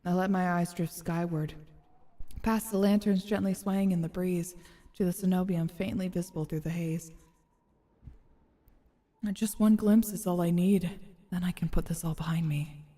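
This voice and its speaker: A woman streamer reads a story game's narration aloud in a measured, expressive way and adds casual comments. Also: fairly low pitch, big-room sound. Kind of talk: reading game narration aloud with casual asides.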